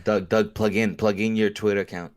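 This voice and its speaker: A man's voice: fairly low pitch, flat delivery, fairly quick, darkish tone, dry recording, studio quality. A man co-hosting a casual podcast, speaking hesitantly and defensively with many fillers. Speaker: podcast co-host. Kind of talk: casual chat.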